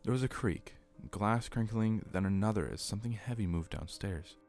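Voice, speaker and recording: In a low, steady voice at a moderate pace, a man narrates a horror story. His reading stays earnest and even, with faint music underneath.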